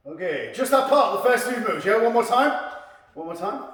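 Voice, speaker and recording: A man's voice: sits high, lively intonation, normal speed, fairly bright tone. A man teaching a karate class, calling out counts and commands to his students. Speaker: karate instructor. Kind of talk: teaching a martial arts class. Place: dojo hall. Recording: echoey hall, far from the mic.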